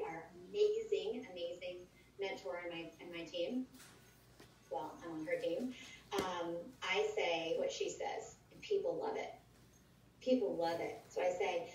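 A woman giving a conversational training talk at a conference, lively and often acting out sample lines. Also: fairly low pitch. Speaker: sales trainer. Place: large conference room. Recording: roomy echoey hall, distant dull mic.

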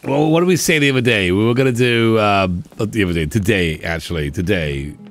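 A man's voice: lowish voice, brisk, faint music behind. A young man streaming a game, chatting casually with many fillers and frequent laughter.

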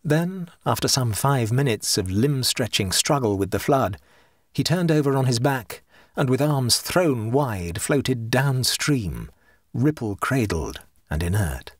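A husky-voiced man narrates a ghost story as an audiobook. His reading is measured, and his pitch moves freely through each sentence. The recording is dry and close, with no room sound. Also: no room sound. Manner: measured, expressive reading that drops low for speech tags.

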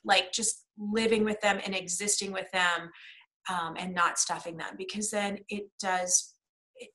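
A woman's voice: mid-range voice, sharp tone, low-quality recording. A woman guest, in a conversational interview, talks earnestly and reflectively, thinking aloud about feelings and family.

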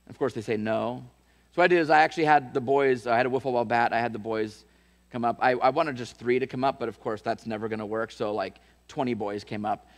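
A man's voice: medium pitch, fairly even intonation, fast talker, in a large hall. A man preaching a sermon as pastor, telling a story with restarts and repeated words, and building to emphatic calls to his church.

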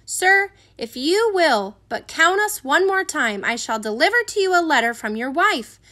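A woman's voice: high voice, very animated, normal speed, pushed and bright, voice pushed up, exaggerated voice. A woman voicing an eager, clever young man who talks earnestly and persuasively.

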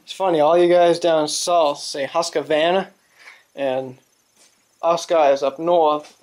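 A man with a New England accent talks through a mower repair in a garage, his voice a touch higher than most men's. He rambles with plenty of ums and the odd swear. The sound comes from a camera mic that drifts nearer and farther as he moves around. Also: fairly even intonation, takes it slowly, a little mellow. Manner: rambling, profane, with many fillers. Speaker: small engine repair vlogger. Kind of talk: casual workshop chat.

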